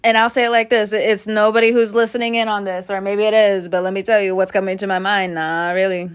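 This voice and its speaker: A woman giving a casual spoken tarot reading, chatty and animated, often breaking into laughter, recorded indoors at home. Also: medium pitch, brisk, smooth. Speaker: tarot reader.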